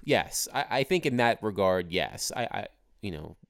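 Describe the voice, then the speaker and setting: A young adult man chatting as co-host on a sports podcast. His voice is smooth and resonant, with a lively, swinging pitch. It sits dry and close to the mic. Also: normal speed, dry recording. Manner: animated, mocks fans in a high whiny put-on voice. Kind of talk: casual chat.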